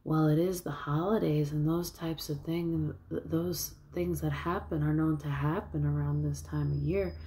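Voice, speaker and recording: A woman's voice: sits low, fairly even intonation, normal speed, few pauses, warm tone, slight background noise. A woman voicing a short, cheerful older male basketball coach with a folksy, upbeat way of talking.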